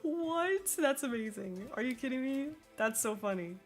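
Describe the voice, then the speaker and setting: A woman's voice: fairly high pitch, normal speed, faint music behind. Giggly young woman chatting while drawing. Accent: General American. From Sweden. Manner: bubbly, giggly, reads chat aloud. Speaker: artist streamer. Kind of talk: live-stream chat while drawing.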